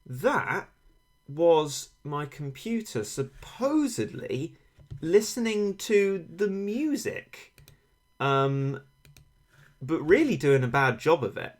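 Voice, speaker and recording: A man's voice: on the high side, big pitch swings, slow. A man chatting casually with stream viewers, wry and rambling, with dry self-mocking humour, close on a desk microphone. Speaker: game streamer. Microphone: failing desk microphone tilted toward him. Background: faint game sound.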